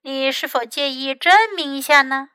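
Woman as a calm, teasing fox mom. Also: sits high, moderate pace, no room sound.

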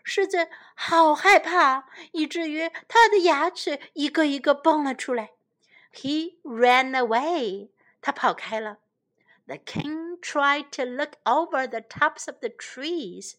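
A woman who teaches English to children reads a bilingual storybook aloud, unhurried and careful. Her voice sits high and light, and her delivery is gentle and clear. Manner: slow, careful, gentle reading.

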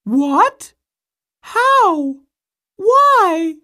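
Lady voicing a fussy mother frog, super high squeaky voice, drags every word out real slow, storybook style. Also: very animated, bright, forceful tone, full character voice. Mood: worried. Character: anxious mother frog, fussing, grief-stricken. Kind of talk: storybook acting.

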